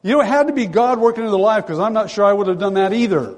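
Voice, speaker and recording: A man preaching a sermon in a church, emphatic and storytelling, driving his key phrases home again and again. His voice is a touch high, and a long reverb hangs on every line in the large hall. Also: fast. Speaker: pastor.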